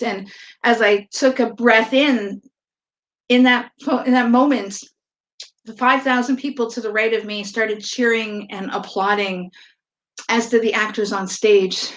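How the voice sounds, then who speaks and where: A woman performing a first-person story on stage, moving from quick, nervous rambling to halting stammers and hushed, heartfelt reflection. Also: a little high. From from outside the country of the event. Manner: nervous, halting stammers when reliving the moment.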